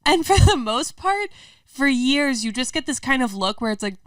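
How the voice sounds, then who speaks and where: A woman's voice: high-pitched, sing-song, moderate pace, no room sound. A woman as a podcast guest, chatty and amused, telling anecdotes in casual conversation. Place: garage. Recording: dry, slightly distant mic.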